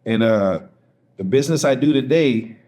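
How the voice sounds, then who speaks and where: A man's voice: mid-range voice, expressive, moderate pace, darkish tone. A man from Texas, a podcast guest, candidly telling an emotional personal story and acting out the voices of people he quotes.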